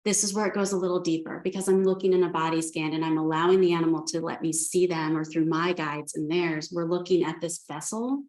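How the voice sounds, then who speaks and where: A woman's voice: fairly low pitch, fairly even intonation, brisk, few pauses, darkish tone. A woman speaking as an animal communicator, telling stories in a chatty way with lots of restarts. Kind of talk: spiritual talk. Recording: echoey room.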